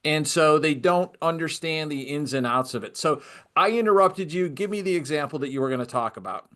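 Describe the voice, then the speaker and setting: A man's voice: a little high, fairly quick, pushed and bright. A man hosting a podcast interview, chatty and storytelling, interjecting with his own experiences. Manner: chatty, tells stories with acted quotes. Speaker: podcast host.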